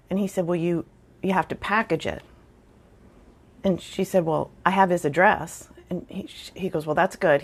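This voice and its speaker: A middle-aged woman telling a funny personal story in a casual, wry, self-deprecating way, with chatty fillers. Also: lowish voice. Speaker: storyteller vlogger.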